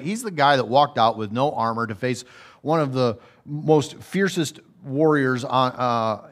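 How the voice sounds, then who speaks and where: A man preaching a conversational, humorous sermon that builds to raised, emphatic passages. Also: medium pitch.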